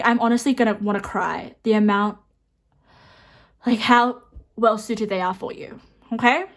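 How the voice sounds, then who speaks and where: Young female tarot reader, gushing and emotional, talks in loose rambling asides, slightly high voice. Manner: excitable, emotional, rambling with frequent "okay?" and "honestly". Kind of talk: pick-a-card tarot reading.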